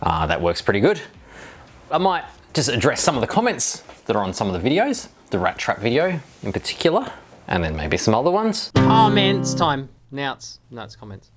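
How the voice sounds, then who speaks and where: A man's voice: medium pitch, wildly swooping pitch, a little fast, faint music behind. A middle-aged man making a casual DIY video, rambling and joking as he reads viewer comments. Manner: rambling and jokey, with wry asides.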